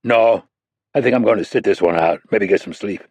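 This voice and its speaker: A man's voice: lowish voice, fairly quick, darkish tone, breathy edge, dry recording. A man voicing a recovering wounded male special-ops soldier who talks in blunt, joking banter. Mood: earnest.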